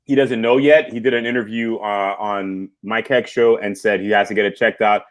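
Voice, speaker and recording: A man's voice: on the low side, steady tone, normal speed. Enthusiastic man breaking down fights. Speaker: podcast co-host. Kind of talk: casual fight recap chat.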